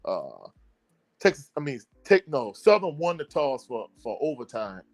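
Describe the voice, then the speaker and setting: A man's voice: mid-range voice, big pitch swings, unhurried. A man hosting a casual sports talk show, recapping a football game in a rambling, blunt way, full of fillers and self-corrections. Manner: blunt and exasperated about his team. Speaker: sports podcast host.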